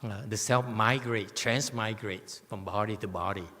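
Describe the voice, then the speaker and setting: A man's voice: lowish voice, normal speed, bright, forceful tone. A man giving a Buddhist sutra commentary as teacher, who keeps checking in with "okay?" and teases his listeners. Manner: playful, teasing asides to listeners. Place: temple lecture hall. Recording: long hall reverb.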